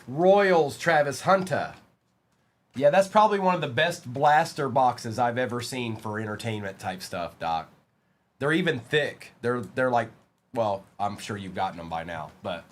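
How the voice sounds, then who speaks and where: A young man on a live stream, chatting casually and calling out player names as he opens card packs, getting excited along the way. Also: medium pitch, measured pace, slight background noise.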